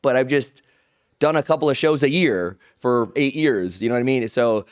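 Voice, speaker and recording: A man telling stories as an interview guest, animated and rambling, acting out other people's lines in his own voice. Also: medium pitch, normal speed, clean tone, no room sound, clean studio sound. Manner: rambling with restarts and "like". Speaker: guest, pro wrestler. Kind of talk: casual interview storytelling.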